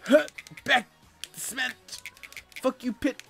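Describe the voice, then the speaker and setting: A young man giving casual gameplay commentary as a let's player, with loud excitable outbursts and a lot of laughing. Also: very high-pitched, slow, vocal fry, long pauses. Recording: faint game music behind.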